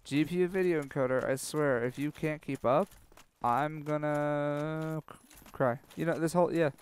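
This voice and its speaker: A young man commentating his own gameplay, sarcastic and self-mocking, swearing freely and panicking out loud when things go wrong. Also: fairly high pitch, quick pace, clean tone. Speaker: let's play commentator.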